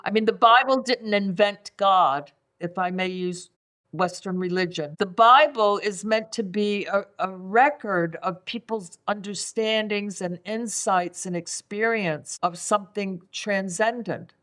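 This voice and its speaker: A woman's voice: medium pitch, unhurried, a bit bright. An older woman from England speaking as a podcast guest, reflective and prone to repeating words as she searches for them. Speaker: guest, five element acupuncturist. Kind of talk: conversational podcast interview.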